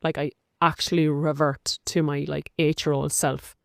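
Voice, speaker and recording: A woman's voice: sits low, flat delivery, moderate pace, gravelly. An Irish woman hosting a podcast, talking in a chatty, open and personal way, full of likes and rights. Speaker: podcast host. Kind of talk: casual confessional monologue.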